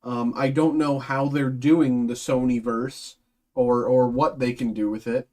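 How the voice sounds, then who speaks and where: A man's voice: medium pitch, steady tone, a little slow, darkish tone. A man hosting a livestream, thinking aloud in casual chat, hesitant and full of ums and restarts. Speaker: card break host.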